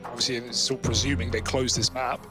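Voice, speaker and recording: A man's voice: mid-range voice, level tone, fairly quick, music in the background. A man doing color commentary on a competitive shooter match, breaking down the plays and standings in a conversational way. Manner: analytical, conversational, talks through team standings. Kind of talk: analytical commentary.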